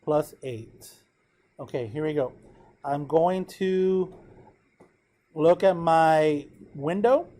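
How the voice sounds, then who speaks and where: A man's voice: a little high, takes it slowly, pauses often, warm tone. Upbeat man teaching a math class. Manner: casual, encouraging, checks in with students often. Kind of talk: classroom lecture.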